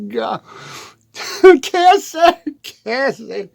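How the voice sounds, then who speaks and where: A man's voice: very high voice, sing-song, very slow, creaky, a little mellow. A man rambling through a comic monologue in a hot, dusty shed. He giggles through his words and keeps stumbling over them. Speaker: country comedian.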